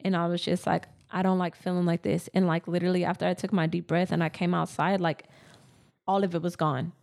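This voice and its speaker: A woman's voice: on the low side, flat delivery, fairly quick, gravelly, darkish tone. A woman co-hosting a casual spiritual podcast, telling personal stories earnestly and repeating phrases for emphasis. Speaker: podcast co-host.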